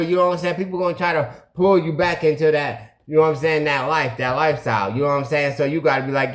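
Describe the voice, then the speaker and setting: A man hosting a recovery channel, telling a story to his camera in a casual, animated way, acting out phone calls and making sound effects, and saying "you know what I'm saying" again and again. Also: fairly high pitch, quick pace, few pauses. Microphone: video camera.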